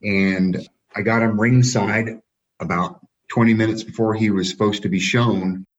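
A man who breeds and shows dogs, telling relaxed anecdotes with the odd laugh. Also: lowish voice, unhurried, lo-fi sound. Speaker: dog breeder and show handler. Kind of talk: casual storytelling.

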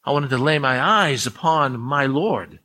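A man's voice: medium pitch, expressive, measured pace, pushed and bright, a little hiss or hum. A man preaching a sermon as a pastor, earnest and emphatic, often restarting his phrases as he builds a point.

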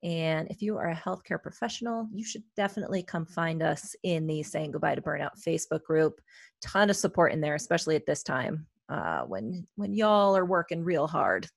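A woman's voice: deep voice, lively intonation, moderate pace, gravelly, dry recording, studio quality. A woman co-hosting a wellness podcast, talking in a chatty, reflective way with many fillers. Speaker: podcast co-host, therapist. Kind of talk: casual podcast chat.

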